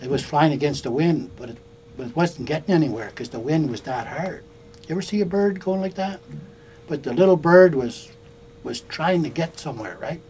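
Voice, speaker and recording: A man's voice: a little high, lively intonation, moderate pace, darkish tone, slight background noise, low-quality recording. An older man from Canada telling a personal story in a folksy, conversational way, with fillers and restarts. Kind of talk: oral storytelling to a small audience. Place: indoors in a bookstore.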